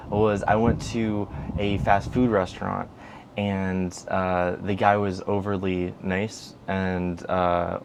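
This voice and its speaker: A man's voice: sits low, a little hiss or hum. A man co-hosting a podcast, telling a story in casual chat, rambling and repeating himself. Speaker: podcast co-host.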